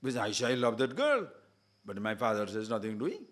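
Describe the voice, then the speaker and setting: A man's voice: mid-range voice, huge pitch swings, fairly quick. A male spiritual teacher giving a lecture on scripture. He talks earnestly, builds points in lists and keeps telling listeners to listen carefully.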